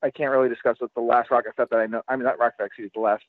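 A man, a guest collector, chatting casually on a podcast in a halting way, full of restarts and fillers. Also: mid-range voice, level tone, no room sound. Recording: tinny, dry phone line.

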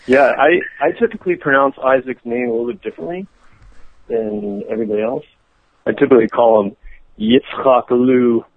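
A man's voice: medium pitch, fast. A male podcast guest calling in, joking in a playful, mock-formal way. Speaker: guest collector. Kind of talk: joking phone chat. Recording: tinny phone line.

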